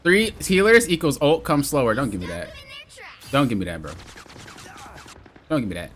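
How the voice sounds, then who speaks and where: Young male streamer, playful fed-up complainer, bright tone, very swingy pitch. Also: huge pitch swings, normal speed, slight background noise. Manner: exasperated, playful trash talk to teammates; mock-complaining, teasing. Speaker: streamer playing a hero shooter. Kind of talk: live gameplay commentary.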